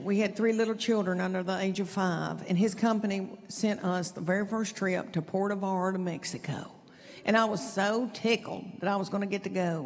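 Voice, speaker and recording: On a theater stage before an audience, a middle-aged stand-up comedian from East Tennessee tells chatty stories in a medium-pitched voice with a Southern accent. Her style is folksy, and she draws out her punchlines, picked up by a live stage mic in a reverberant hall.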